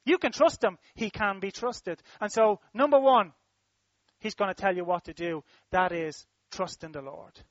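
A high-pitched man delivers a sermon in a repetitive, emphatic rhythm, swelling and then dropping his voice. The recording is dry and a little dull, with no room sound. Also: moderate pace, fairly bright tone, no echo. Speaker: preacher.

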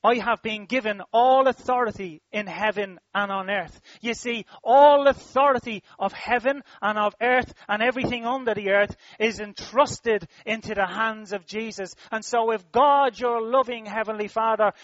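A high-pitched man delivers a sermon in a repetitive, emphatic rhythm, swelling and then dropping his voice. The recording is dry and a little dull, with no room sound. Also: steady tone, normal speed, few pauses, a bit bright, no echo. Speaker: preacher.

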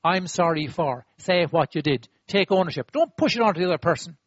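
A man preaching a sermon in an animated, demonstrative way, acting out apologies and getting the audience to repeat after him. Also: sits high, fast, breathy edge, dry recording, muffled recording.

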